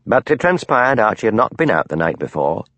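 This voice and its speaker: Lively low-voiced male audiobook narrator. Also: a little fast, dry recording.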